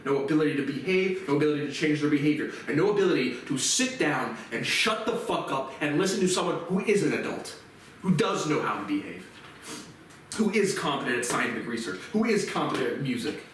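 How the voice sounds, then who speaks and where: Agitated man in his twenties, profane rant, distant mic, boomy reverb. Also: big pitch swings, brisk, slight background noise. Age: 20s. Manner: agitated, swearing, voice rising into shouts. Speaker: vlogger. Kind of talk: angry profane rant to camera. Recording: very echoey room, far from mic.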